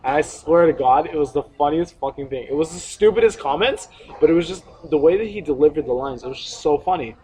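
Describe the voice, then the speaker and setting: A man's voice: a little high, quick pace, rough recording. A young man hosting a podcast, telling a story casually, swearing and laughing as he goes. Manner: profane, laughing, animated storyteller. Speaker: podcast host.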